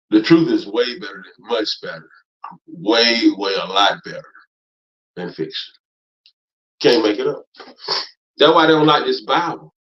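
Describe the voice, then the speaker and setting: Fiery, repetitive male street preacher. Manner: emphatic, repetitive, profane, swings from loud to low. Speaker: street preacher teaching a class. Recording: dull lo-fi recording.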